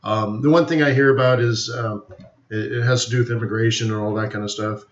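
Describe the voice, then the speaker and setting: A man hosts a live forex webinar, rambling casually with opinions, jokes, and plenty of fillers. His medium-pitched voice is steady and fairly quick, heard through roomy, dull lo-fi stream audio.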